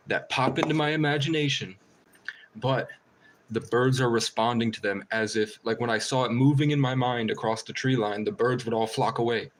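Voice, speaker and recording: A man's voice: medium pitch, slight background noise, low-quality recording. Rambling, profane man live-streaming. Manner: rambling, profane, laughs often. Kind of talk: casual live-stream chat.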